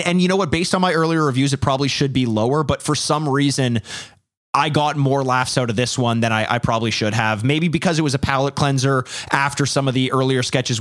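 A man co-hosting a podcast, chatty and steering the discussion in casual talk. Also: medium pitch. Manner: chatty, leads the segments. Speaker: podcast co-host.

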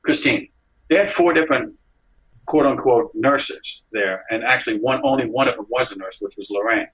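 Guy being interviewed, telling his story all animated, doing the other people's lines, mid-pitched voice, a bit muffled lo-fi. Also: moderate pace. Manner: animated storyteller, acts out dialogue.

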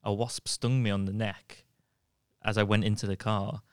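A man's voice: lowish voice, normal speed, slight background noise. A man, co-hosting a casual comedy podcast and telling stories while laughing between lines. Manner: animated storyteller who keeps laughing mid-sentence. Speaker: podcast co-host.

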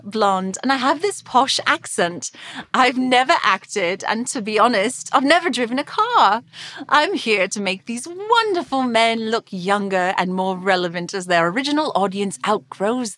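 A woman's voice: a little high, fairly bright tone, no echo. A woman in her twenties voicing a breezy young English model with a posh accent. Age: 20s.

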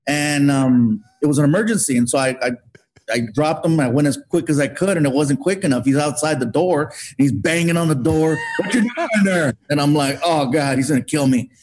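A man telling an animated comic story as a guest, acting out what people said. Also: fairly high pitch, a little fast, a little hiss or hum. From Mexican heritage. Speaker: guest comedian. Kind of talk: storytelling on a podcast.

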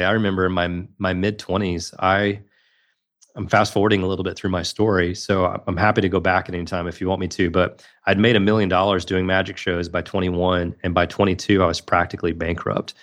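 A podcast guest, a magician and speaker, reflects earnestly on a personal story while often starting his sentences over. He talks fairly quickly in a low, slightly bright voice with a flat delivery.

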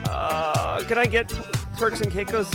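A man hosting a live show, giving playful, rapid shout-outs to viewers. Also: high voice, over music. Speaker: livestream host.

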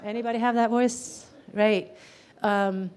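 A woman's voice: fairly high pitch, steady tone, measured pace, a little mellow. A woman teaching a live class on gestalt therapy, talking casually with many "um"s and questions to the audience.

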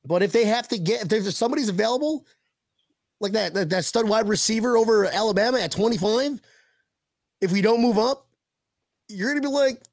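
A man hosting a casual sports podcast, talking in an animated, rambling way with frequent restarts. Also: sits high, fairly quick, pauses often, no echo. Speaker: podcast host.

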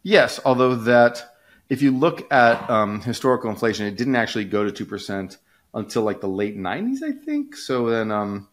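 A man's voice: mid-range voice, big pitch swings, normal speed. A man co-hosting a casual podcast, explaining ideas in a rambling way with many fillers and restarts. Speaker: podcast co-host, economist.

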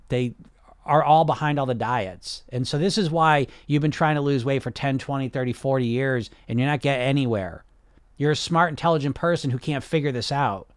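A man's voice: medium pitch, no echo, clean studio sound. A man hosting a casual podcast, talking bluntly and passionately, swearing often and restarting his sentences. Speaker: podcast host and weight loss coach. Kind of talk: casual unscripted podcast talk.

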